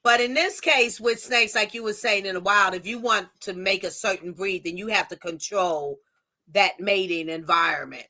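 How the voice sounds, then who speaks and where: A woman hosts a relaxed interview over a video call, her voice bright and clear. She asks simple questions and keeps the guest going with frequent short affirmations. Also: medium pitch, normal speed. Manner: encouraging, lots of mm-hmms and short replies. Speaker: podcast host. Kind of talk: casual interview chat.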